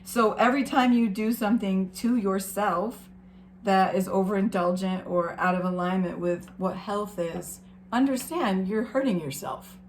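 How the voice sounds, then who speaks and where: Gentle encouraging woman card reader. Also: medium pitch, a little slow, a little hiss or hum. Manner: gentle, encouraging, emotional, talks to viewers as guys. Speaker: tarot reader. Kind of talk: spiritual card reading.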